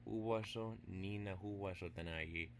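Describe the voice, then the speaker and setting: A man giving a casual language lesson, playful and teasing, spelling words out slowly piece by piece and dropping into quiet asides. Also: low voice, steady tone, a little hiss or hum. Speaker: language teacher.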